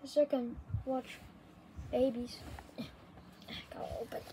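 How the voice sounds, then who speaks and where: Very high, excitable woman playing a game. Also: slow, long pauses, a little hiss or hum, poor audio. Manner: excitable, swings from hushed murmurs to squealing shouts. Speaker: game player. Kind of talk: playful game narration.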